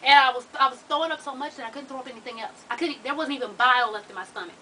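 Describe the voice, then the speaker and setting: A woman with a drawl tells her viewers a story in an animated, profane way. Her voice is highish and bright. She sits a bit back from the mic, with faint room noise behind her. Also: very fast, far from the mic, poor audio. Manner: profane, animated, laughs while telling. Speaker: vlogger.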